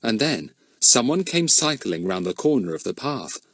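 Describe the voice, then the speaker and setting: A man narrating a children's storybook in an expressive storytelling manner. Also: mid-range voice, moderate pace. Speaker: audiobook narrator. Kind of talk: scripted narration.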